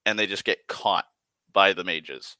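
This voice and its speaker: Dude rambling thru his d&d story, cussing a lot, low voice, dry close mic. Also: a little slow, sharp tone, clean tone, dry recording. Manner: rambling, profane, full of "like" and restarts. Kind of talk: casual retelling of a tabletop game session.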